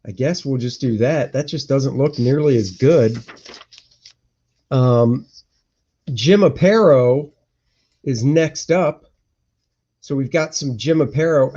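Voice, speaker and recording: A man chatting slowly and loosely on a home live stream, thinking out loud and grumbling under his breath between points. His voice sits at an ordinary middle pitch, and the audio is dull and lo-fi. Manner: rambling, grumbles and mutters to himself. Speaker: cartoonist hosting a live stream. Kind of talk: casual live-stream chat, thinking aloud. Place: indoor home room.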